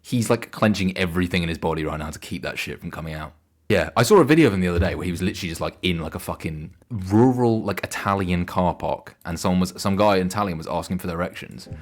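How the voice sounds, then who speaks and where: A man's voice: low voice, fast. A young man streaming a game, rambling and joking crudely in casual banter. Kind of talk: casual gaming stream commentary.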